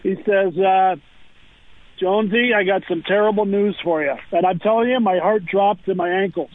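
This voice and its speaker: A former pro hockey player on a radio interview, telling lively anecdotes with lots of "uh" fillers over a phone line. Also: male voice, sits high, normal speed, no room sound. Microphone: telephone.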